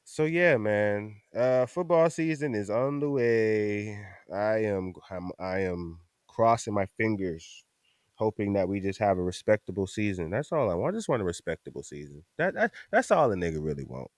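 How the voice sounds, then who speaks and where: A man hosting a podcast in casual chat, ranting in an animated, profane way. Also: fairly low pitch, normal speed, dry recording, clean studio sound. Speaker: podcast host.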